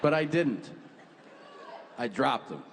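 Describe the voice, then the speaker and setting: A man works a comedy stage, his mid-pitched voice swinging widely as he spins profane, conversational tales. The sound carries a long hall echo, with clear audience ambience beneath it. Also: lively intonation, slow pace, very noisy. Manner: crude, profane, conversational storyteller who acts out quotes. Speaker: stand-up comedian. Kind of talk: stand-up comedy storytelling. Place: comedy venue stage before a live audience. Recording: reverberant hall with crowd ambience.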